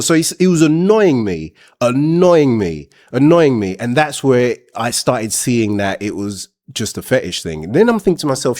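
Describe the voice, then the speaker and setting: A man's voice: medium pitch, big pitch swings, normal speed, few pauses, darkish tone. A man hosting a show, telling a frank personal story in a blunt, rambling, casual way.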